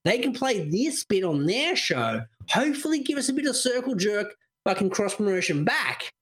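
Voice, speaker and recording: A relaxed podcast co-host who answers with short, dry remarks. The pitch moves around a lot, which keeps the talk lively. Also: moderate pace. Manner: laid-back, dry quips and short interjections. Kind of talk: casual chat.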